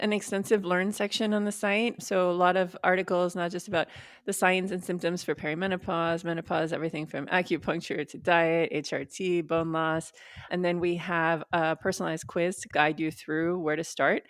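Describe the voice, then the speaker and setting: A woman's voice: fairly low pitch, fairly even intonation, normal speed, no room sound, clean studio sound. A woman in her forties, a podcast guest, talking about women's health in an open, frank, matter-of-fact way. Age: 40s. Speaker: guest, perimenopause advocate. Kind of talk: podcast interview.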